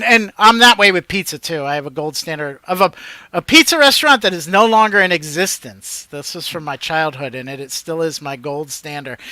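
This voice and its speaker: A man from Connecticut co-hosting a podcast, chatting casually and telling stories with enthusiasm, letting his sentences trail off quietly. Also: fairly high pitch, no echo. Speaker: podcast co-host. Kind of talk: casual chat.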